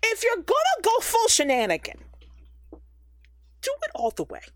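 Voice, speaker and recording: A woman's voice: very high-pitched, normal speed, no echo, studio quality. A woman co-hosting a podcast, ranting sarcastically about a TV episode in casual chat. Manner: animated, sarcastic, exaggerated ranting. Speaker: podcast co-host.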